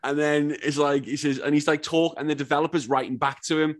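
A man with a Wirral accent hosting a casual chat, telling stories with excited swearing and lively quotes. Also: a little high, brisk. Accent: Wirral, Merseyside. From England. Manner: animated storytelling, swears often, jumps into excited quotes. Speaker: podcast host.

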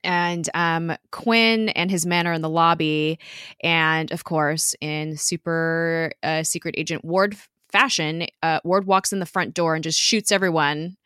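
A woman's voice: low voice, steady tone, unhurried, pushed and bright, clear, resonant tone, dry recording, studio quality. A woman casually retelling a TV episode to a co-host, chatty, with fillers and laughs. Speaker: podcast co-host recapping a TV episode. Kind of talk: casual recap chat.

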